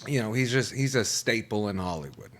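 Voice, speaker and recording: Man, comedy host, casual monologue, profane, swooping pitch. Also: brisk. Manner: animated, profane, jumps into quoted voices.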